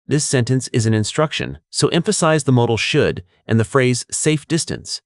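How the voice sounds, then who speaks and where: Man, test prep instructor, scripted coaching, clear and measured, dry sound. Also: mid-range voice, no echo.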